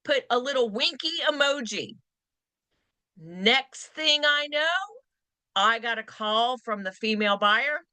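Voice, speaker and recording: A woman's voice: on the high side, expressive, takes it slowly, pushed and bright, clear, resonant tone, dry recording. A woman giving a real estate training class in a conversational, emphatic way, repeating phrases for stress. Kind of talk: continuing education class talk.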